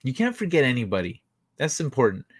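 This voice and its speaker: A man's voice: mid-range voice, huge pitch swings, quick pace, slightly rough. Blunt, profane man hosting a late-night stream. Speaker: livestream host.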